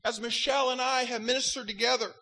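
A man's voice: very high-pitched, fairly even intonation, fast, sharp tone, rough recording. A man pastor preaching a sermon, fervent in delivery and breaking into wry joking asides.

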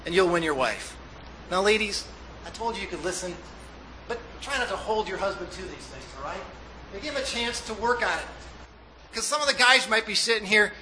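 Guy pastor preaching, really bright voice, bit of hiss behind, acts out little back-and-forth bits. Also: high-pitched, animated, normal speed, poor audio. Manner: preaching with rising emphasis, acting out quoted dialogue. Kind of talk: sermon.

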